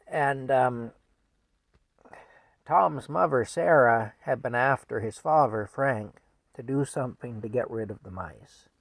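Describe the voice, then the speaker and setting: Gravelly-voiced older man telling a folksy tale. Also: medium pitch, takes it slowly, no echo, rough recording. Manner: rambling, folksy, chuckles often. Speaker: storyteller. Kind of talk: casual family storytelling.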